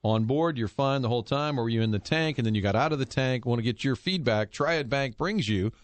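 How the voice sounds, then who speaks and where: A man's voice: mid-range voice, fairly quick, dry recording. A man hosting a sports radio show, joking with his co-hosts and plugging sponsors in a breezy way. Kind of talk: sports radio banter and live reads.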